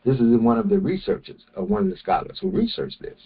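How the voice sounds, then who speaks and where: A man teaching a morning religious session, speaking slowly and deliberately and often restarting his phrases. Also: medium pitch, big pitch swings, gravelly, breathy edge, muffled recording. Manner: slow, deliberate, with many restarts. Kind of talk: morning lecture.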